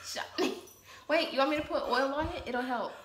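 A woman's voice: sits high, fairly quick, fairly bright tone, reverberant, a little hiss or hum. A woman vlogger chatting casually with her partner, giggly and anxious, swearing often and calling her partner baby. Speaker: vlogger doing the waxing.

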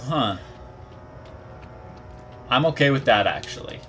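Animated man talking back to a game. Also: medium pitch, slow, faint music behind. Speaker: gaming YouTuber. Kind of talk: gameplay commentary.

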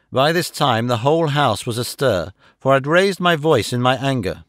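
A man narrating a classic detective story as an audiobook, reading in a measured, dramatic first-person way into a close microphone. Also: mid-range voice, expressive, fairly bright tone, no echo. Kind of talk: scripted narration.

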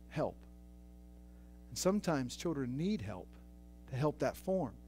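Pastor, male, high-pitched voice, storytelling sermon that builds to emphatic preaching. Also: a little mellow, a little hiss or hum, low-quality recording. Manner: repeats phrases for emphasis.

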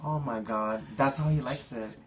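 A man's voice: mid-range voice, moderate pace, a little hiss or hum, poor audio. A young man making a prank call, sassy, taunting and crude. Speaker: prank caller.

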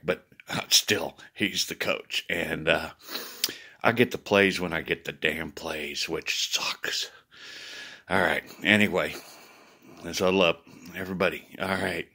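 A man talking casually to viewers, rambling with many restarts and swinging between worried and loud. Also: low voice, measured pace, gravelly. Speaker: video blogger.

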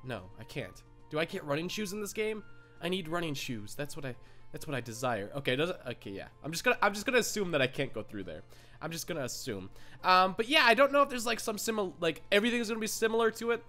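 An excitable young man giving let's-play commentary. His voice is high and bright, and it jumps around a lot. He rambles happily over faint game music. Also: quick pace. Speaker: gaming YouTuber.

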